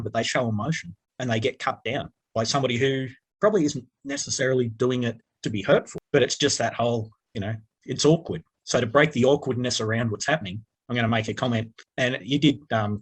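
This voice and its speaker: Husky man, quick and earnest. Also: mid-range voice. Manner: reflective and earnest, with a lot of "you know". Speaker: podcast guest. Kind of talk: casual podcast interview.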